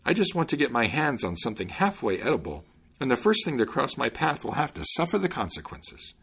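A man's voice: mid-range voice, huge pitch swings, fairly quick, a bit bright, breathy edge, pitched above the performer's own voice, exaggerated voice. A man voicing a cheerful, hungry little tailor with a jaunty manner. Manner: jaunty, good-humored.

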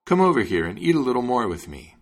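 A man voicing a gruff, hungry miller in a fairy-tale reading, blunt and demanding. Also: on the low side, very animated, moderate pace, fairly bright tone, heavily acted. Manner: blunt and demanding, bursts out in amazement. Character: gruff hungry grown male miller, easily amazed.

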